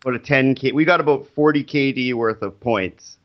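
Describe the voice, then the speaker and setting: A man who is a teacher, telling a story in casual chat, animated and acting out the people he quotes. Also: medium pitch, fairly quick, muffled recording.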